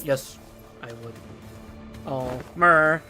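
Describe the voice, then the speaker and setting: A young man streaming a game, reading its story aloud and reacting excitedly. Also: fairly high pitch, a little fast, faint music behind.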